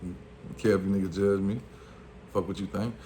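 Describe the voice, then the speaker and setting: Louisiana man, low voice, rambling street storyteller, faint room hum. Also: level tone, moderate pace, mellow. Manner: loose street slang, fillers, acts out quotes. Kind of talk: casual storytelling.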